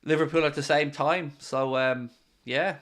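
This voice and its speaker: Bright-voiced Irish man bantering. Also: a little high, fairly even intonation, unhurried. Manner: playful, teasing banter. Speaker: host of a football watchalong livestream. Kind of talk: casual livestream chat reading viewer comments.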